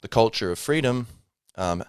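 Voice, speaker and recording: A man's voice: medium pitch, animated, moderate pace, clear, resonant tone, no echo, studio quality. A man hosting a casual solo podcast, rambling with many fillers and self-corrections. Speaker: podcast host.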